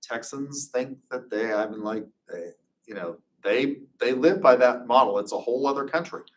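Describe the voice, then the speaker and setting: A man's voice: medium pitch, moderate pace, recorded from a distance, slight background noise. A man giving an informal classroom lecture, chatty and anecdotal, drifting into loose personal stories. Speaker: instructor.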